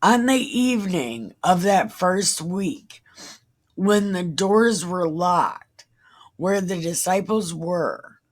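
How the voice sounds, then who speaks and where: A woman reading a Bible passage aloud and breaking off into profane, confused, deadpan asides. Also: fairly low pitch, slow pace. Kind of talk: irreverent casual Bible reading with commentary.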